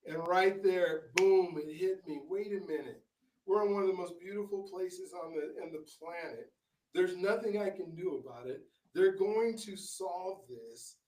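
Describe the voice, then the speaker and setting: A man's voice: sits high, a little slow, a little mellow, slight background noise. Man telling stories, roomy and distant. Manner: rambling, many fillers and restarts. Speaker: author and guest. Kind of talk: casual interview storytelling.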